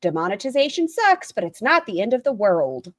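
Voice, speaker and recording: A woman's voice: medium pitch, sing-song, fairly quick, no echo. Blunt woman streamer, dry close mic. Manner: reads aloud and critiques a written statement, blunt, swears casually; reads viewer chat messages aloud and answers them. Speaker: livestream host. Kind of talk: casual livestream commentary.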